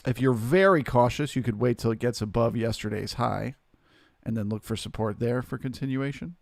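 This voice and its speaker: A man hosting a live trading stream, talking through the market in a relaxed, chatty way and greeting viewers by name. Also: mid-range voice, moderate pace, gravelly, dry recording, clean studio sound.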